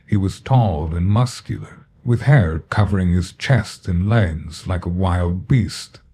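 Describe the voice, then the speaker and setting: A man narrating a first-person horror story in a deadpan, measured way. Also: sits low, slightly rough.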